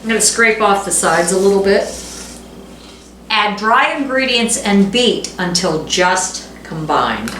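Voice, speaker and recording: Heavy background noise surrounds this middle-aged woman's mid-range voice, which has lively intonation and a slightly slow pace. She's hosting a home cooking video, casually chatting and reading recipe steps with jokes at her own expense, in an echoey kitchen full of clattering dishes.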